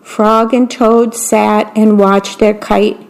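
A woman reading a children's bedtime story aloud as a volunteer radio reader, in a slow, clear, gentle way. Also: mid-range voice, flat delivery.

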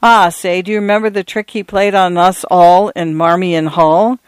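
A man's voice: high voice, fairly even intonation, normal speed, clean tone, no echo, natural voice. A man voicing a genial priest in his late fifties who chats easily and tells gossip, in a read-aloud story. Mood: chatty. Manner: easygoing, chatty.

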